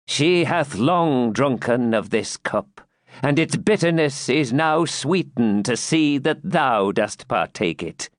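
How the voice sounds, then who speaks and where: A man reading aloud and voicing a vengeful, gloating old woman, slow, grim and mocking. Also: medium pitch, animated, no room sound, studio quality. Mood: accusing. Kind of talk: audiobook character reading.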